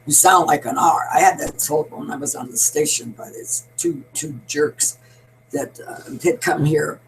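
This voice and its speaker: A woman's voice: low voice, unhurried, darkish tone, a little hiss or hum, low-quality recording. Blunt, rambling woman in her eighties. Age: 80s. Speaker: show host. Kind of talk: opinionated monologue.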